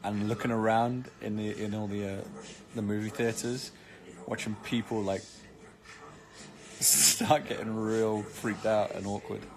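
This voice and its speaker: A man's voice: fairly low pitch, fairly even intonation, a little slow, gravelly. A British man chatting casually on a live stream, reading comments with cheeky, joking banter. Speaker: actor streaming live to fans.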